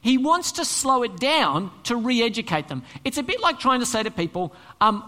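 A male pastor preaching a sermon, conversational and animated, asking the congregation rhetorical questions. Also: extremely high pitch, moderate pace, hardly any pauses, in a large hall. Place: church hall.

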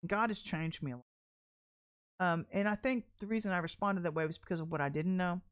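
A middle-aged woman minister telling personal stories in a sermon, chatty and animated, often laughing as she talks. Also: fairly low pitch, brisk. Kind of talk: candid storytelling sermon.

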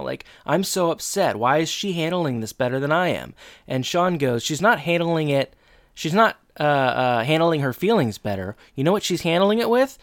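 A woman's voice: sits low, no echo, studio quality. A woman co-hosting a podcast, chatting casually and teasingly, acting out characters' lines while recapping an episode. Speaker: podcast co-host.

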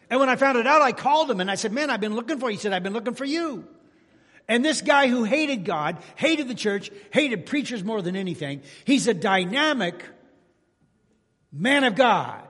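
A pastor preaching a sermon to his congregation, telling folksy stories and rising to loud exclamations. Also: very high-pitched, expressive, brisk. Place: church sanctuary. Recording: long hall reverb in church.

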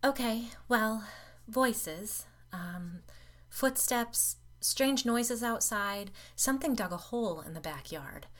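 A woman voicing a nervous, anxious housewife in a storybook reading, speaking in a hushed, uneasy way. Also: fairly high pitch, animated, takes it slowly, voice pushed up.

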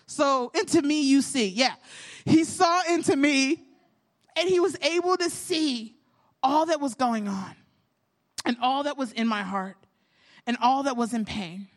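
A woman's voice: high voice, a little slow, pauses often. A young adult woman hosting a faith podcast, talking in an earnest, candid storytelling way with self-deprecating humor. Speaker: podcast host.

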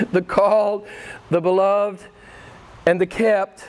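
Fired-up male preacher, high voice. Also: level tone, takes it slowly. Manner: impassioned, emphatic, repeats phrases. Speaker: pastor. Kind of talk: sermon.

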